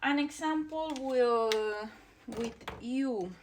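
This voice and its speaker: A woman's voice: high-pitched, takes it slowly, noisy background. A young woman whose first language is Spanish, teaching a beginner language lesson and patiently drilling each vowel and word over and over.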